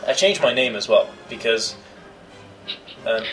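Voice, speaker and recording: A man's voice: mid-range voice, expressive, unhurried, fairly bright tone, soft background music, low-quality recording. A young man telling a story in casual chat, swearing freely and acting out the other people's voices.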